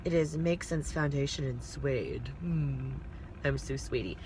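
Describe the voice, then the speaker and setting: A woman's voice: a bass voice, unhurried, a little mellow, slight background noise. A woman casually rambling through a makeup tutorial from inside a parked car, talking to her phone camera with self-deprecating asides. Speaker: vlogger doing a makeup tutorial.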